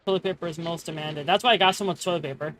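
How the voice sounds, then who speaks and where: A woman's voice: on the low side, racing, fairly bright tone, a little hiss or hum. A woman streaming a game live, chatting casually with friends and her chat, laughing often and swearing playfully.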